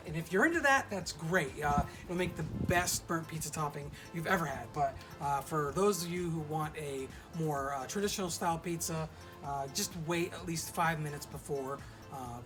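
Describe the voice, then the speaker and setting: A presenter giving a relaxed outdoor cooking demonstration at a pizza oven, often pausing with "uh" and restarting phrases. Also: medium pitch, rough recording. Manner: relaxed, many "uh" fillers and restarts. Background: loud background music.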